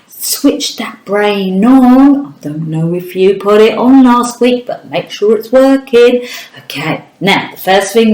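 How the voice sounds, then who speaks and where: A woman's voice: medium pitch, a little mellow. A woman from the United Kingdom teaching a children's phonics lesson, encouraging and speaking straight to a young viewer. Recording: echoey room.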